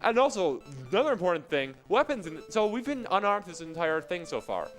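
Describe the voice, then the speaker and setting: High-voiced joking male game commentator. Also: very animated, a little fast, soft background music, rough recording. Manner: joking, rambling explanations with laughs. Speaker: speedrunner. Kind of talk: live commentary while playing.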